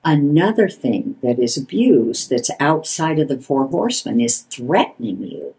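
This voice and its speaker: Older woman therapist, slow, lively pitch, acts out quotes. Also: low-quality recording. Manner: measured, acts out quoted lines. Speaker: couples therapist. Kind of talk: explanatory talk.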